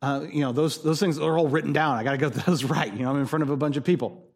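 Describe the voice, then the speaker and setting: Higher-voiced male pastor preaching conversationally. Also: fairly even intonation, fast. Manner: conversational, emphatic, repeats key points. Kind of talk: sermon.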